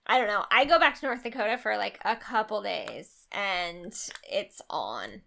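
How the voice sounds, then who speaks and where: A woman's voice: medium pitch, expressive, measured pace, gravelly, fairly bright tone. A woman from Northern California, a mom and podcast co-host, chatting casually and laughing often. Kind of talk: casual chat.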